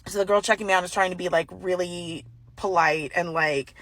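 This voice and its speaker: A woman casually telling a personal story, animated and full of fillers. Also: fairly low pitch, a little fast, no echo. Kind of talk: casual anecdote.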